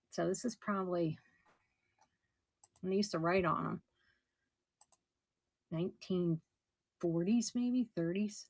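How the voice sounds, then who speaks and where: A middle-aged woman running a casual live auction, chatty and somewhat hoarse as she loses her voice. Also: medium pitch, dry recording. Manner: chatty, describes items warmly with soft laughs. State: losing her voice. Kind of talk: casual live-stream selling.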